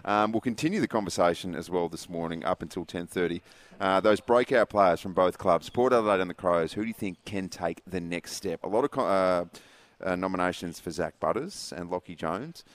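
A man's voice: low voice, fairly quick, few pauses, no echo. An Australian man co-hosting a sports radio show, chatting casually and laughing often. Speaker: radio co-host.

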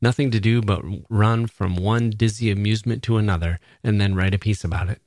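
Man reading as a young soldier, breezy, joking, offhand, low voice. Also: steady tone, brisk, a little mellow, no room sound, clean studio sound, natural voice.

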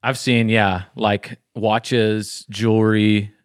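A man co-hosting a podcast, jumping in eagerly with quick reactions in casual chat. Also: lowish voice, level tone, clear, resonant tone, no room sound, clean studio sound. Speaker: podcast co-host.

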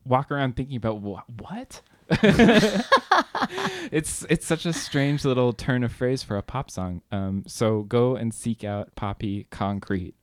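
Halting amused man, dry sound. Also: mid-range voice, darkish tone, clean tone, no room sound. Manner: halting, self-deprecating, amused. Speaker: podcast co-host. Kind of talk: casual chat, music recommendation.

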